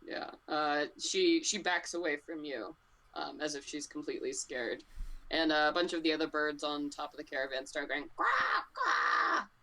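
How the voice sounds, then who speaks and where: A woman with a low voice runs a tabletop game, narrating scenes for the players. She talks in a relaxed way, with plenty of ums and uhs as she thinks ahead. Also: moderate pace. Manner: relaxed, full of fillers. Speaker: game master.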